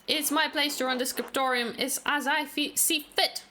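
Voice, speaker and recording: Brief: stern, haughty male prior scolding his monks, as a woman puts him on, bright pointed voice. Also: high voice, fairly even intonation, normal speed, a little hiss or hum. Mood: indignant.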